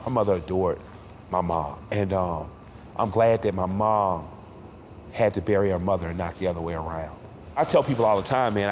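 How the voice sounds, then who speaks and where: A middle-aged man from Atlanta, talking candidly and emotionally in a sit-down interview, with halting restarts. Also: lowish voice. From Atlanta, Georgia. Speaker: interview guest. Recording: roomy hall with faint background noise.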